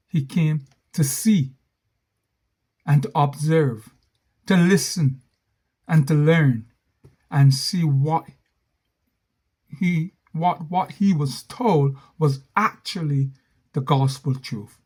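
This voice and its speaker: A man's voice: fairly high pitch, takes it slowly, darkish tone. A man telling a story in a monologue, stressing points and repeating key phrases for effect.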